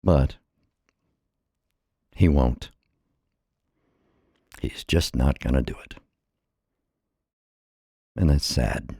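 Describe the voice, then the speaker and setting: Middle-aged man from the States, dark husky bass, a bit breathless, impassioned solo vlog rant. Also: very slow, long pauses, dry recording, studio quality. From United States. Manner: earnest, impassioned, repeats phrases. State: a little out of breath. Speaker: vlogger. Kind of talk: personal monologue.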